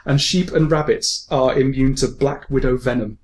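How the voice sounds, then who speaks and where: A man's voice: mid-range voice, fairly even intonation, moderate pace, few pauses. An English man with a mixed forces-kid accent hosting a casual podcast. He reads out listener mail, jokes, swears and laughs often. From England. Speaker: podcast host.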